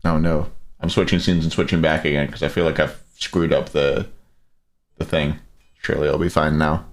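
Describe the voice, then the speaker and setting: A man casting a live esports stream, mixing game commentary with joking banter with his viewers. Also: low-pitched. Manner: joking, chatty banter with chat. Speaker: esports caster and stream host.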